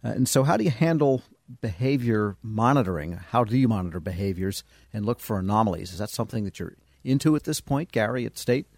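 A man with a lowish voice moderates a panel discussion. He poses questions to each guest in turn. The sound is dry and close. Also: lively intonation, a little fast, a little mellow, no echo. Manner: inquisitive, guiding questions.

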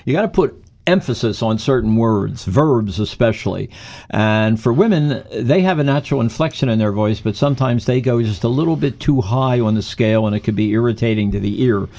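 A man's voice: mid-range voice, animated, fairly quick, vocal fry, dark tone. A man who coaches speaking, explaining his points in an emphatic, instructive way during an interview. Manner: explanatory, emphatic, gives tips. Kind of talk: conversational interview answers.

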